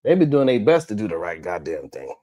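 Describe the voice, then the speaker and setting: A man's voice: lowish voice, sing-song, fairly quick, mellow. A man hosting a live stream, talking casually and heatedly, swearing often and calling out chat viewers by name. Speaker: live stream host reading viewer comments.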